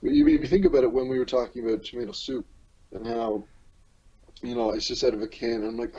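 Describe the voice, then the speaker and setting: A man from Newfoundland and Labrador hosting a podcast, talking in a rambling, halting way with many restarts. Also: mid-range voice, fairly even intonation, mellow, slightly rough, lo-fi sound. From Newfoundland and Labrador, Canada. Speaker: podcast host. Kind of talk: casual chat.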